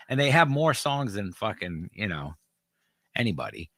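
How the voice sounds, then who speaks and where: A man's voice: on the low side, very animated, moderate pace, fairly bright tone, no echo. A man co-hosting a casual podcast chat, sarcastic and profane, mocking what he talks about. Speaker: podcast co-host.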